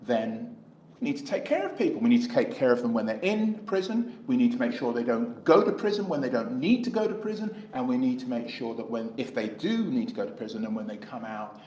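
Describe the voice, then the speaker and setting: A man's voice: mid-range voice, expressive, fairly quick, a little mellow, reverberant, slight background noise, low-quality recording. A middle-aged man with an English accent, an independent election candidate answering interview questions in a rambling way, acting out dialogue as he tells stories. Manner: rambling, acts out dialogue in anecdotes.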